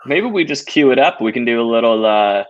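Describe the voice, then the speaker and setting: Brief: male sports co-host who pushes back, medium pitch, muffled lo-fi audio. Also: expressive. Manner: argumentative, quick to push back. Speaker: podcast co-host. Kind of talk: casual sports chat. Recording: slightly dull lo-fi audio.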